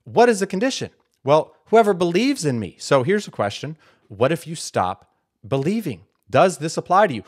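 A man's voice: fairly high pitch, very animated, moderate pace. A man giving Bible teaching commentary, emphatic, asking rhetorical questions and answering them himself. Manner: repeats words for stress.

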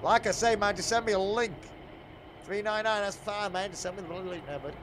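Here the streamer's voice is high-pitched and steady, moving a little fast. Swearing casually, he chats with his audience during truck-driving gameplay while the engine roars loudly in the background.

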